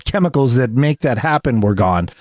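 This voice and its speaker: Teasing man with a lively voice. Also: medium pitch, normal speed, no echo, studio quality. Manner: teasing, joking. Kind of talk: casual chat.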